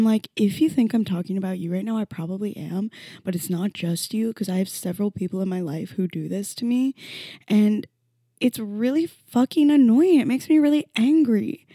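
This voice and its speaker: A young woman hosting her own podcast, ranting candidly and emotionally with lots of swearing. She drops to a hush at times and imitates critics in a low, mocking voice. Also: dry recording, studio quality. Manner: emotional and profane, swinging between hushed and loud. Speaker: podcast host. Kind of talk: candid solo podcast rant.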